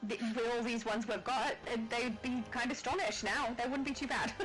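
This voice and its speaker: A woman's voice: a little high, fairly even intonation, moderate pace, fairly bright tone, faint music behind, poor audio. A woman co-hosting a game livestream in casual chat, giggling often and reading viewer comments aloud.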